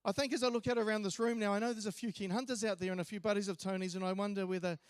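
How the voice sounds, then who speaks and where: A man delivers a memorial eulogy in a church, telling stories conversationally with small hesitations. His voice sits high for a man. The recording is dry and close, with little room sound. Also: steady tone, very fast, clean tone, dry recording. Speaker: eulogy speaker.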